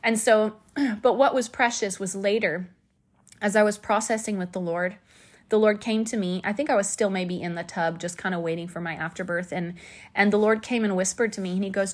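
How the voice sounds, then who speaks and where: A woman hosting a podcast, telling a personal story in a candid, chatty way with asides, and acting out quoted lines with sudden high shouts. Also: steady tone, brisk. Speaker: podcast host.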